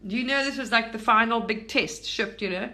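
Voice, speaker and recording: A woman's voice: fairly high pitch, normal speed, bright, forceful tone. Enthusiastic rambling British-born woman. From Britain. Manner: rambling and enthusiastic, with many restarts and fillers. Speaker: spiritual content creator. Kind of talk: casual spiritual talk.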